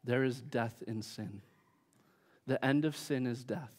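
A man's voice: medium pitch, slow pace, husky. A man preaching a sermon, emphatic, with his force rising and falling. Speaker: pastor.

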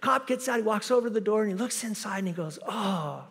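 A man with a high voice preaches in a church, and his words trail off into a long reverb. He is an animated storyteller who breaks into the voices of the people in his anecdotes. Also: racing, a little hiss or hum. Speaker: pastor. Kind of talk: sermon with personal story. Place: church sanctuary.

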